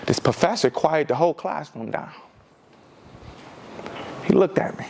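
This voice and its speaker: A young man from Detroit giving a motivational talk, telling his own story in an emphatic way that swings between loud and hushed. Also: mid-range voice, fairly quick, vocal fry, a little hiss or hum. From Detroit, USA. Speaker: motivational speaker. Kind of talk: personal storytelling speech.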